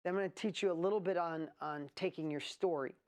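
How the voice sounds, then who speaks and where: Woman, event host, energetic, rambling, hype-building. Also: lowish voice, fast talker. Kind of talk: energetic live webinar presentation.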